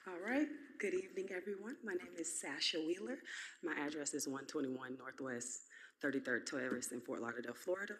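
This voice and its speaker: A woman's voice: deep voice, a little fast, a bit bright. A woman speaking at a public comment podium, earnest and heartfelt, with frequent "um"s.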